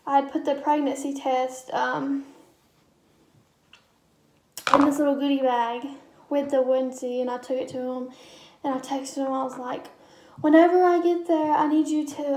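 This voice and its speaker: Young woman, casual vlogger, high-pitched and chatty, recorded in a roomy space. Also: darkish tone. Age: young adult. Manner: chatty, rambling, lots of ums and quoted dialogue. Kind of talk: casual storytelling vlog.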